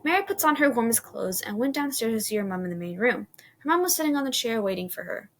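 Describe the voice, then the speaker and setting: A woman's voice: a little high, animated. Woman reading a horror story. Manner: unhurried, with small restarts.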